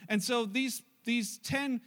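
A male pastor preaching a sermon, telling stories in an animated way and acting out the voices. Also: very high voice, slow pace. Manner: animated storytelling with acted-out voices.

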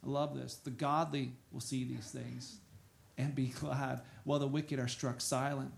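A man preaching a sermon, reading scripture aloud and breaking into soft asides and loud exclamations. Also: medium pitch, level tone, measured pace, gravelly, slight background noise. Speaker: pastor.

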